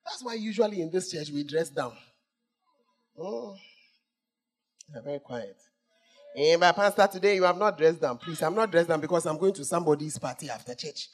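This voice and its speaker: A male pastor preaching a sermon, swinging between shouts and hushed asides as he teases the congregation. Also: a little high, moderate pace, pauses often, faint music behind.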